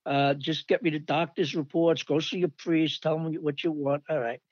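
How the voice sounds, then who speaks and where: A man's voice: a little high, fairly even intonation, moderate pace, no room sound, muffled recording. An older man telling rambling army stories in casual talk, acting out the voices of people he quotes. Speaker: storyteller recalling army days. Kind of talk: casual anecdote.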